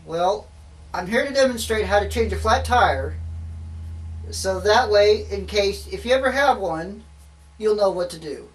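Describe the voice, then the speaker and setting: A man's voice: high voice, expressive, a little slow, distant mic, poor audio. A young man giving a demonstration speech to his class, talking in a folksy way with self-deprecating asides.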